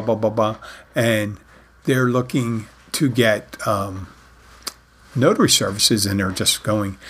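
A man's voice: mid-range voice, breathy edge. A man hosting his own podcast, rambling in a casual solo monologue and often correcting himself mid-sentence. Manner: rambling, self-correcting, says he talks fast. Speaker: podcast host.

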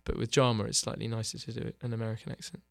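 A man's voice: mid-range voice, flat delivery, gravelly, no echo. Wry English man, dry close sound. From England. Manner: dry self-deprecating wit, halting with fillers. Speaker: actor guest. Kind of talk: casual interview chat.

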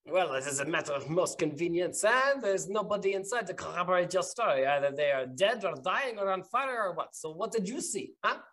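A man's voice: sits high, expressive, a little fast, hardly any pauses, fairly bright tone, pitched above the performer's own voice. A man playing a stern guard captain woman. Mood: accusing. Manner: clipped, accusing, foreign-sounding phrasing with "huh?" tags.

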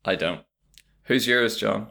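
Male podcast co-host, low gravelly voice, dry and terse. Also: slow, bright, forceful tone. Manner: dry, wry, terse quips. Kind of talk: casual podcast chat.

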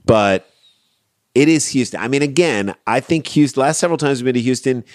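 A man's voice: mid-range voice, animated, fairly quick, dry recording. A man co-hosting a casual comedy podcast, reading out a news story and riffing on it sarcastically. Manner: sarcastic, riffs on the story, reads out quotes.

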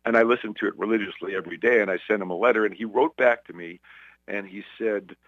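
A man in his seventies from Brooklyn, telling relaxed anecdotes about his career in an interview. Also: lowish voice, fast, no room sound, narrow, tinny audio. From Brooklyn, New York. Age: 70s. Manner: relaxed anecdotal storyteller, acts out quoted voices. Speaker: sportscaster guest. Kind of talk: casual interview storytelling.

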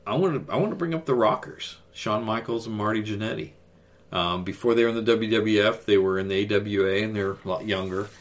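A man's voice: fairly low pitch, a little fast. A man co-hosting a casual talk show, enthusiastic, laughing often and trailing off into fillers. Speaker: podcast co-host. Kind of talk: casual chat about wrestling.

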